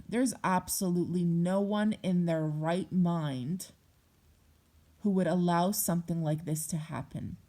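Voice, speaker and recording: A young adult woman vlogger speaking bluntly and heatedly in a personal monologue, swearing often. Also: fairly low pitch.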